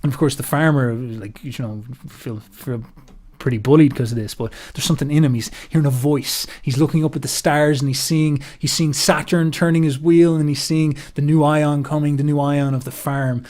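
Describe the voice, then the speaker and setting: A man giving a casual philosophical monologue, telling a story in a rambling, animated way and swearing freely. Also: fairly high pitch, moderate pace. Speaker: philosophy commentator.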